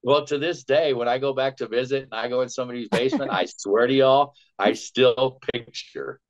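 A man, a voice actor, telling lively stories in an interview and acting out the dialogue he quotes. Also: mid-range voice, normal speed. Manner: animated storyteller, acts out quoted dialogue. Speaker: voice actor guest. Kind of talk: storytelling interview. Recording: dull lo-fi audio.

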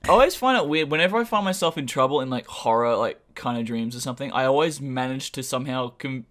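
A man's voice: mid-range voice, lively intonation, fast, fairly bright tone. A young man co-hosting a podcast in a laid-back chat, laughing often and swearing casually. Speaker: podcast co-host.

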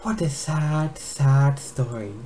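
Reader putting on a cruel dragoness villain, taunting and theatrical, slightly higher than the narration, faint hiss behind, storybook reading. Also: steady tone, unhurried, a little mellow, natural voice, poor audio. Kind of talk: amateur dramatic reading. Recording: faint background noise.

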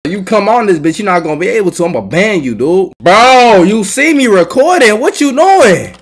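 A young male gamer talks over his own gameplay, taunting other players, cursing and breaking into yells when a play goes wrong. His voice is a little husky. His pitch jumps around a lot from line to line. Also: very animated, moderate pace, hardly any pauses. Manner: trash-talking, swearing, yelling at other players. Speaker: gaming YouTuber. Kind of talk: live gameplay commentary.

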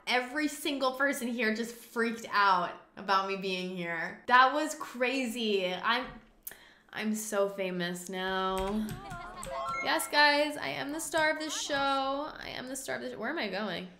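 A woman hosting a gaming video, giving excitable let's-play commentary with frequent swearing and joking self-mockery. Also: fairly high pitch, unhurried. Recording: roomy room sound.

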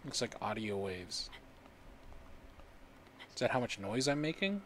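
A man's voice: mid-range voice, sing-song, measured pace. Playful man chatting over game noise. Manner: playful, jokey, talks to himself while playing. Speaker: gaming streamer. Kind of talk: casual let's-play commentary.

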